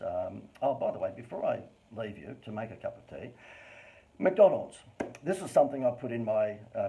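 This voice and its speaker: A man with an Australian accent giving a live-streamed business talk as a marketing presenter, with animated, over-the-top inflection and chatty, informal asides. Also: lowish voice, gravelly, highs cut off.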